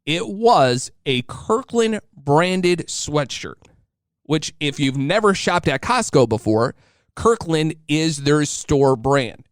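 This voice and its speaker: A podcast host in his thirties tells his listeners a casual, joking story, chatty throughout and now and then slipping into acted-out voices. His smooth voice sits a little high for a man, with big pitch swings and a slow pace. It's recorded dry and close.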